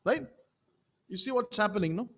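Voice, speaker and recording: High-voiced pastor preaching emphatically. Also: male voice, lively intonation, normal speed, creaky, a bit bright, slightly rough. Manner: emphatic, repetitive, with frequent rhetorical checks. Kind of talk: sermon.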